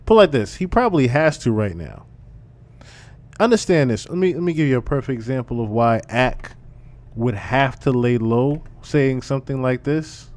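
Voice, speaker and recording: A man's voice: medium pitch, animated, normal speed, darkish tone. A man hosting a live stream, commenting casually on a clip in a loose, emphatic way that repeats phrases.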